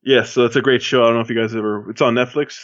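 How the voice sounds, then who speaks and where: A man's voice: medium pitch, fairly even intonation, rapid-fire, a bit bright, dry recording. A man from Miami, a podcast co-host, talking in a loose, rambling way with lots of fillers and restarts. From Miami, Florida. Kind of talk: casual chat. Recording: dull lo-fi sound.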